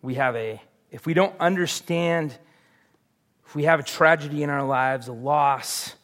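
A man's voice: a little high, unhurried, a bit bright. A man preaching a sermon as pastor, earnest and confessional, building to emphatic peaks.

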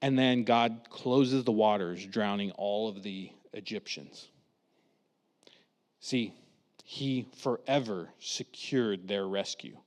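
A man preaching a lively storytelling sermon, acting out quotes in different voices. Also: lowish voice, takes it slowly, big-room sound. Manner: animated, acts out quotes with voices.

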